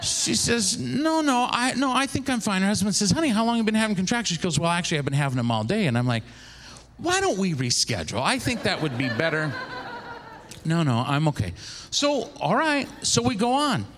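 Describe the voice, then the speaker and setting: A man in his forties from the Seattle area, a traveling minister telling a lively story in a sermon and acting out the people in it. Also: fairly high pitch, quick pace, background noise. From Seattle, Washington area. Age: 40s. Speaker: traveling minister, former pastor.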